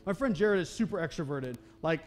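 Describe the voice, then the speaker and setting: A young man delivers a sermon in a church with a high-pitched voice. He talks in a conversational, self-deprecating way, often checking in with the congregation. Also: lively intonation, fairly quick, faint music behind. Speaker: pastor. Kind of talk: sermon with personal storytelling. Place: church sanctuary.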